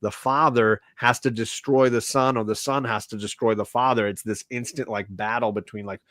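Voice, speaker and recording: A man's voice: medium pitch, moderate pace, dry recording, clean studio sound. A man hosting a casual comics podcast, chatting loosely and acting out characters' lines in playful voices. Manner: animated, acts out characters' lines in silly voices. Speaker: podcast host.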